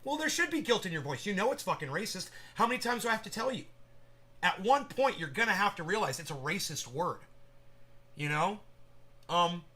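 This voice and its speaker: A man's voice: sits high, big pitch swings, fairly quick, bright, forceful tone. A man hosting a livestream, rambling casually and with profanity while addressing viewers in chat by name. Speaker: livestream host.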